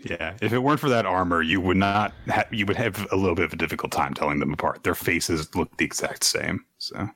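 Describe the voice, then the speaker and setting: A man co-hosting a casual manga discussion, retelling scenes animatedly and jumping into higher voices for quotes. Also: fairly quick, few pauses, a bit bright, no room sound. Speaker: podcast co-host. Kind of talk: casual manga recap chat.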